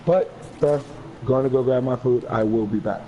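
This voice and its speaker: A man's voice: medium pitch, normal speed, dark tone, dull audio, a little hiss or hum. A man chatting casually with a friend over voice chat, laid-back and swearing freely.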